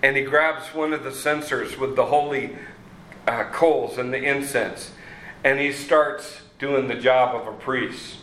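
A man preaching a sermon, slow and halting with many fillers and restarts. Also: mid-range voice, fairly even intonation, fairly bright tone, reverberant, a little hiss or hum, rough recording. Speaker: pastor.

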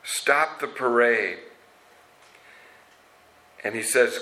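A man's voice: mid-range voice, sharp tone, rough recording. A man preaching a sermon, retelling scripture stories in an earnest way with casual asides. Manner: slow, earnest storytelling with asides.

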